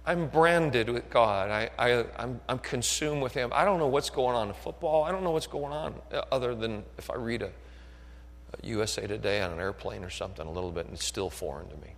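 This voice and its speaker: A man with a medium-pitched voice and some vocal fry preaches a sermon at a brisk pace, repeatedly asking listeners whether they're still with him. He builds from quiet talk to shouted fervor, with the long echo of a hall around him.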